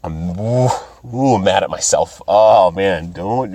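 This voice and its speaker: A young man doing a profane, excitable, rambling comedic recap of an anime. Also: deep voice, takes it slowly, crowd noise. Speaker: video host.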